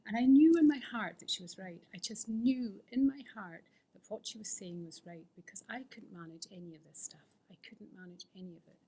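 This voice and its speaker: A middle-aged woman with a warm, slightly rough, medium-pitched voice talks fairly quickly with hardly any pauses. At a fellowship meeting she candidly tells her recovery story as personal testimony, mocking herself and often falling to a whisper.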